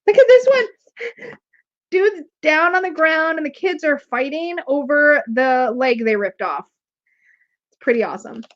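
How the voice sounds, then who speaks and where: A woman hosting a casual tarot live stream, chatting in an excitable, gushing, playful way. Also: sits high, normal speed. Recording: dull lo-fi stream audio.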